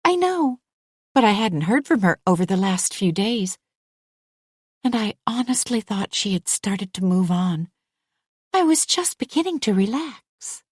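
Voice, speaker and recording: A woman's voice: big pitch swings, measured pace, husky, dry recording, studio quality. A woman voicing an anxious young mother. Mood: worried. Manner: pleading, agitated, pitch rising.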